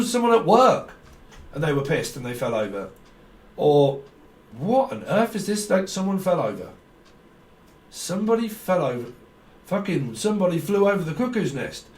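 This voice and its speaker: A man giving a rambling, free-associating tarot reading, swearing and laughing as he goes. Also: high voice. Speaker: tarot reader. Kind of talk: stream-of-consciousness intuitive reading. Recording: echoey room, mic far off.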